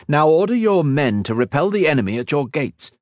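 A man's voice: medium pitch, sing-song, moderate pace, dry recording, pitched above the performer's own voice. A man voicing a stern, commanding young mage lord who gives clipped orders in a raised voice.

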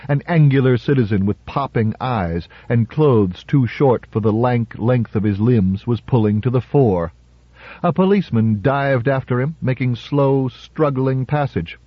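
A man narrating a story in a measured, dramatic audiobook reading. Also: mid-range voice, slightly rough, no echo. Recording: slightly muffled audiobook recording.

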